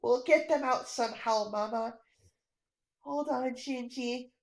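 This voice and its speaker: A woman's voice: fairly high pitch, slow pace, reverberant, low-quality recording. A woman voicing a brave, stubborn young boy who talks in a blunt, urgent way.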